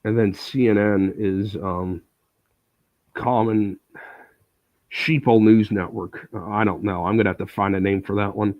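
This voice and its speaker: A man streaming live, talking slowly in a low voice with plenty of ums and sarcastic asides. The sound is dry and close, with no room behind it. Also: steady tone, no echo, muffled recording. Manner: rambling, sarcastic, many filler words. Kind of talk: casual live-stream chat.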